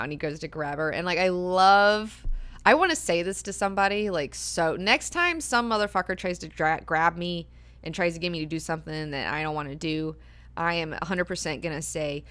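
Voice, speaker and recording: Animated, foul-mouthed woman hosting a book club. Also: on the low side, fairly quick. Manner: animated and profane, acting out characters' lines. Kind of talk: casual book club discussion.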